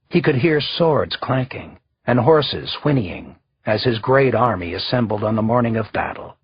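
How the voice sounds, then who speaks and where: Male audiobook narrator, measured delivery, very husky voice, slightly dull recording. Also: on the low side, dry recording. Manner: measured, even storytelling. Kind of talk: scripted narration.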